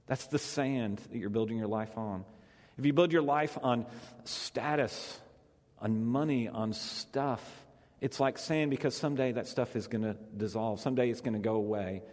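Brief: male pastor, mid-pitched, conversational sermon with repeated phrases, long hall reverb. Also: darkish tone.

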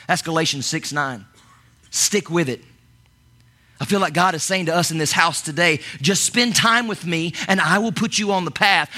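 A man preaching a lively sermon as pastor, talking in bursts with many repeated words and restarts. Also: a little high.

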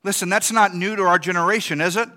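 A man's voice: sits high, steady tone, quick pace, bright, forceful tone. A male pastor giving a conversational sermon, asking the congregation questions and acting out quoted reactions.

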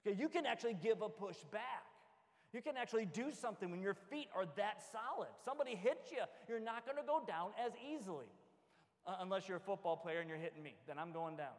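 A man preaching a sermon as pastor, animated and joking, acting out little everyday scenes. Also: high voice, fast talker. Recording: long hall reverb.

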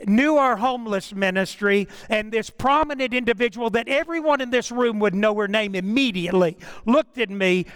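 A man's voice: high voice, fairly bright tone, clean tone. A man preaching a sermon, telling stories in a conversational way with frequent restarts. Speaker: pastor.

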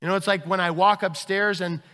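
A man's voice: sits high, steady tone, a little fast, pushed and bright, in a large hall. A man preaching a sermon as pastor, acting out everyday scenes with quoted voices.

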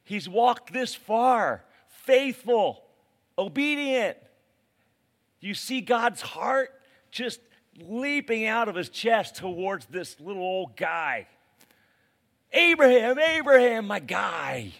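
A man preaching a sermon as a pastor, in a casual, animated way with slang. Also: high voice, takes it slowly.

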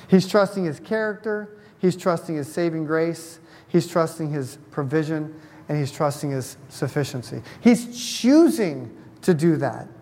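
A man's voice: fairly high pitch, darkish tone. A man preaching a sermon as a pastor, talking conversationally and putting questions to the congregation. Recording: long hall reverb.

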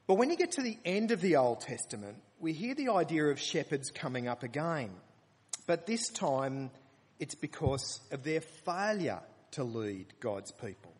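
Husky-voiced man preaching in a reverberant hall. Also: a little high, big pitch swings, normal speed. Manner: earnest, rising to emphatic scripture reading. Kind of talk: sermon. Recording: long reverb of a large hall.

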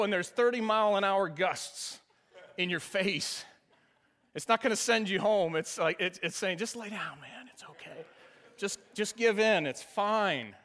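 A pastor with a high-pitched, sharp-toned voice tells a funny story about a race during his sermon. He leans on self-deprecating humor and laughs often as he tells it.

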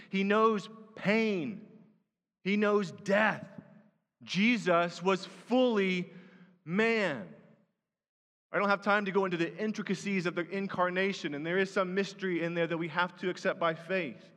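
Male pastor, high-pitched, earnest sermon delivery with emphatic repetition, long church reverb. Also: a bit bright.

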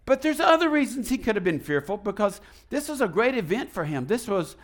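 Male pastor, fairly high voice, folksy and animated sermon delivery, questions tossed to the pews. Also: fairly quick. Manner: animated, asks the congregation questions and leads call and response; folksy, retells the story in his own casual words.

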